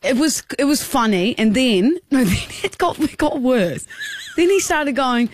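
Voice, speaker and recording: A young woman co-hosting a podcast, telling lively stories in casual chat and acting out kids' voices. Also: high voice, measured pace, dry recording. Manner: animated storyteller, acts out kids' voices. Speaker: podcast co-host.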